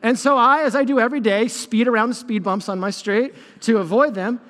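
A man with a high voice preaches from a church stage, his sermon ringing through a long hall reverb. He is a lead pastor who moves between teaching and animated stories, poking fun at himself along the way. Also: brisk. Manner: animated storytelling with self-deprecating humor.

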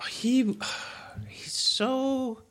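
A brash young woman in a tabletop game, as a man puts her on. Her voice sits very high and swoops all over the place, sly and showy. She drags out her words with a teasing drawl. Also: lively intonation, very slow, fairly bright tone, heavily acted. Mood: swaggering.

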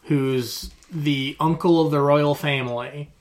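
A man's voice: on the high side, fairly even intonation, takes it slowly. A man co-hosting a casual podcast chat, explaining the backstory between laughs. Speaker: podcast co-host.

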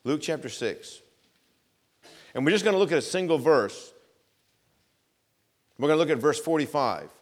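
A man preaching a sermon, repeating phrases for emphasis and swinging between loud emphatic lines and quiet asides. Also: a little high, animated, moderate pace, long pauses. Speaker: pastor.

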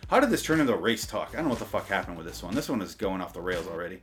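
A man's voice: low-pitched, sing-song, very fast, a bit bright, soft background music. A man reading a sarcastic comic rant, then rambling off-script, swearing and mocking himself with lots of restarts. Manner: self-deprecating, stumbles and restarts. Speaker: comedy podcaster reading a bit.

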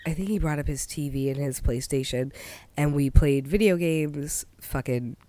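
A woman's voice: deep voice, moderate pace, mellow, no echo. A young woman telling a funny story in casual chat, with a cold, laughing constantly and saying "like" a lot. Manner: giggly, laughs constantly mid-sentence, lots of likes. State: has a cold.

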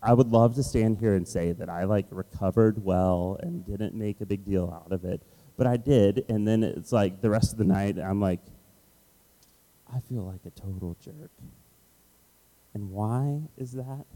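A man with a low, dark, mellow voice gives a sermon. He tells a story about himself with lively storytelling and plays up his own frustration. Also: normal speed, poor audio. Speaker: pastor. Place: Washington, D.C.

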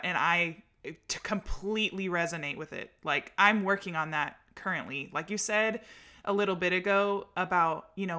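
A woman's voice: on the low side, bright, forceful tone. A woman in her thirties hosting a podcast, enthusiastic and affirming in casual chat. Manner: enthusiastic, affirming, many fillers. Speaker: podcast host.

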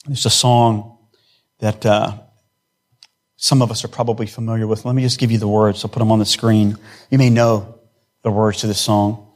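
A man's voice: fairly low pitch, flat delivery, normal speed, long pauses. A man preaching a sermon in an earnest way, building emphasis through repeated phrases. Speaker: pastor.

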